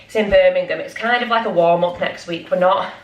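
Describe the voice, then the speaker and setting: A woman's voice: lowish voice, brisk, darkish tone, a little hiss or hum. A young woman chatting in a casual vlog, rambling and scattered with lots of ums, shaky and out of breath. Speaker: vlogger. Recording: echoey room, mic at a distance.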